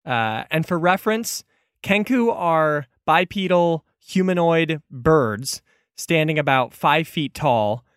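A man running a tabletop game as its game master, setting the scene in a measured, narrating manner. His voice is smooth and resonant, fairly high for a man, recorded close and dry. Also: lively intonation, no echo.

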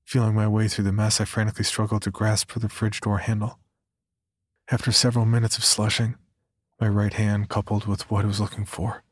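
A man reading a horror story aloud in slow, hushed scripted narration with a husky voice. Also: lowish voice, level tone, no room sound, clean studio sound.

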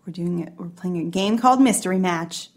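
A woman's voice: on the low side, a little fast. Playful, teasing woman quiz-hosting on a podcast. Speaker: podcast co-host running a game. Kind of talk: casual comedic chat.

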